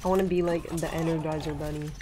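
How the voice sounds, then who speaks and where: A woman streaming a game, chatting casually, excitable and joking with herself, swearing often. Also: low voice, fast talker, crowd noise. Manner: excitable, swears a lot, jokey self-talk. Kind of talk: casual gaming stream chat.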